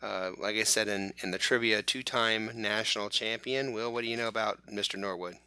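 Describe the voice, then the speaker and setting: A man's voice: on the low side, fairly even intonation, a little fast, pushed and bright, clear, resonant tone, dry recording. A man hosting a casual sports podcast, leading the chat with jokey asides. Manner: leads the talk, jokey asides. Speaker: podcast host.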